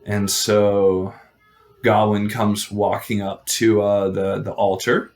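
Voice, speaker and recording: A man's voice: on the low side, little pitch movement, takes it slowly, a little mellow. A man casually retelling an old legend, chatty, full of fillers and joking asides. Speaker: storyteller.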